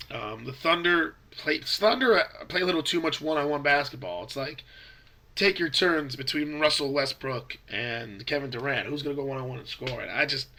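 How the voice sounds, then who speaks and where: A man's voice: medium pitch, vocal fry, bright, forceful tone. A young man with a stuffy, congested voice from a cold, giving rambling, opinionated basketball predictions in a casual vlog. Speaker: basketball fan vlogger. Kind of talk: casual sports commentary vlog.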